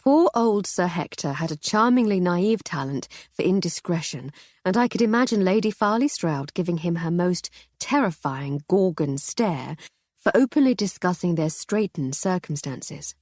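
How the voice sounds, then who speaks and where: A woman narrates a cozy mystery with wry, measured storytelling. Her voice is low and husky yet very lively in pitch, recorded close and dry. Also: no room sound. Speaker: audiobook narrator. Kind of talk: scripted narration.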